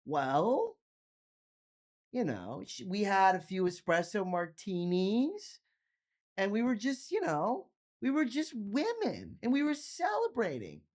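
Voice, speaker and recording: A man's voice: high voice, wildly swooping pitch, darkish tone, exaggerated voice. A man mimicking a drunk, vague young woman. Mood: tipsy, vague. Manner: slow, drawn-out and vague.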